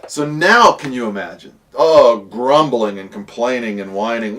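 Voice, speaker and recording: A man teaching a casual Bible lesson, telling the stories in a lively way and acting out the characters' voices. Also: mid-range voice, a little slow, hardly any pauses, far from the mic.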